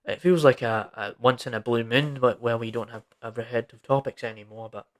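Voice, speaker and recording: Fairly quick and steady in tone, a young podcast host with a mid-range voice goes on a casual, emphatic solo rant. He rambles informally, leaning constantly on "like" and "right?".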